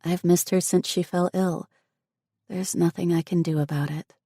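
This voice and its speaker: A woman's voice: fairly low pitch, fairly even intonation, moderate pace, warm tone, no room sound, studio quality. A woman voicing an anxious young woman who grieves for her ill mother, speaking in an earnest, emotional way. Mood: sad.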